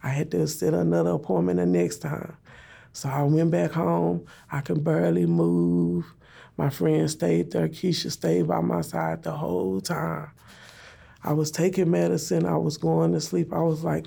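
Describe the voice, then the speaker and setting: A woman's voice: low-pitched, little pitch movement, a little slow, vocal fry, dark tone, slightly rough. A woman telling an emotional personal story in plain, repeated phrases, speaking her prayers aloud.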